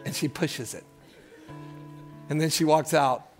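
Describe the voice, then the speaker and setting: A man in his sixties preaching from the pulpit, telling homely stories before swelling into fervent appeals and calls to the crowd. His voice sits fairly high for a man. Soft music hums underneath. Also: unhurried. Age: 60s. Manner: folksy storytelling that builds to fervent preaching with call-outs. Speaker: pastor. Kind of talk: sermon. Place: church service.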